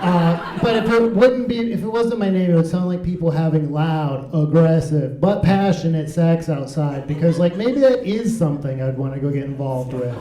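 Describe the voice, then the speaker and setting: A man's voice: on the high side, moderate pace, few pauses, mellow, roomy sound, slight background noise, rough recording. A man performing a stand-up comedy set in a club, wry and playful with absurd asides.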